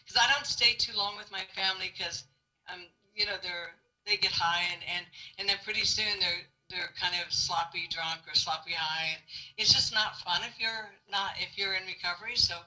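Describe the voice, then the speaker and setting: A middle-aged woman giving a lively spoken testimony to a student audience, acting out the quotes in her story and laughing along. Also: mid-range voice, poor audio. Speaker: guest speaker.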